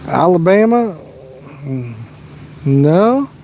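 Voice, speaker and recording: A man's voice: high voice, expressive, extremely slow, mellow, slight background noise. A Midwestern American man hosting a fishing livestream outdoors by a lake, chatting casually and answering viewers' questions. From Midwest USA.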